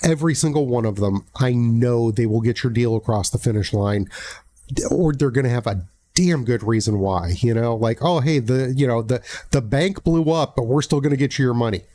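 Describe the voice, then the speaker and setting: Casting: American man hosting a live stream, blunt and profane, stumbling restarts, mid-pitched voice. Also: normal speed, mellow. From United States. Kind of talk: casual livestream talk.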